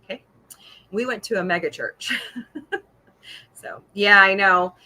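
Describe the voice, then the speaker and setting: A middle-aged woman from Missouri hosts a loose, casual livestream chat, jumping between topics, laughing often, and answering viewers' comments as she goes. Her mid-range voice sounds bright and moves a little slowly.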